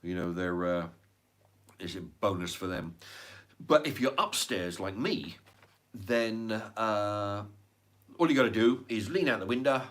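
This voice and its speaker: A man's voice: fairly low pitch, animated, a little slow, pauses often, a bit bright. An English man, middle-aged, ranting in a rambling casual monologue full of restarts and swearing. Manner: rambling, swears a lot, many restarts and fillers. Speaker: channel host.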